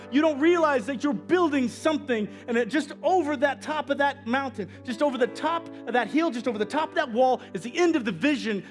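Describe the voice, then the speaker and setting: A man's voice: very high voice, lively intonation, fast talker, few pauses, soft background music. A man preaching a sermon as pastor, in an emphatic, repetitive, exhorting way.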